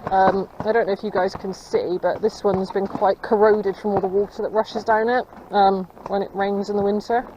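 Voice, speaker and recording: A woman's voice: medium pitch, level tone, normal speed, hardly any pauses. A woman rambling casually to her viewers and her horse while riding a countryside trail, recorded on a camera mounted on her. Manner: rambling, chatty, talks to her horse between asides. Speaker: equestrian vlogger. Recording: slightly dull audio with faint outdoor noise.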